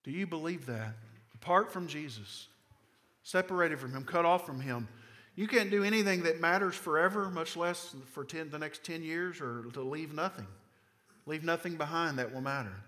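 Bright-voiced Southern pastor preaching emphatically. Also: male voice, a little high, normal speed. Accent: Southern American. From American South. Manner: emphatic, rhetorical questions, repetition. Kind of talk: sermon. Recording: long reverb of a large hall.

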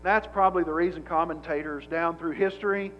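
A man's voice: on the high side, fairly even intonation, brisk, muffled recording, soft background music. A male pastor preaching a sermon in a conversational, emphatic way, often repeating a word as he restarts a thought.

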